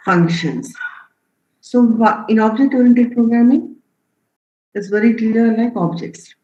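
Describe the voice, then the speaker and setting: An unhurried programming instructor with a dark, medium-pitched voice and long pauses gives a live online lecture. He quizzes the class and reads their answers aloud, checking in again and again with "okay?" and "right?" through roomy, dull lo-fi streaming audio.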